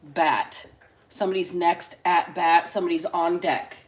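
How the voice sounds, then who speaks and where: Woman reading dice live on her phone, chatty and salty, drags words out then rushes. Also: fairly low pitch, fairly even intonation. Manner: chatty, drawls single words then talks fast. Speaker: psychic reader hosting a live stream. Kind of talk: casual live-stream tarot reading. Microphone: phone camera.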